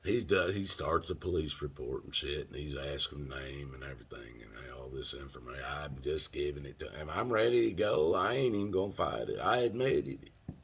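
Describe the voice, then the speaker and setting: A man's voice: very deep voice, normal speed, breathy edge. A man with a Southern US accent telling a rambling personal story, chuckling and swearing as he goes. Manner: rambling, laughs mid-sentence, swears freely. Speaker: storyteller host. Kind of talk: casual storytelling monologue.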